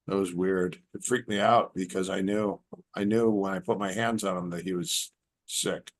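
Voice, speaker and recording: A man's voice: sits low, fairly even intonation, moderate pace. A middle-aged man, a podcast guest, telling rambling personal stories in casual chat and acting out what people said. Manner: rambling anecdotes with acted-out quotes. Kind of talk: casual storytelling.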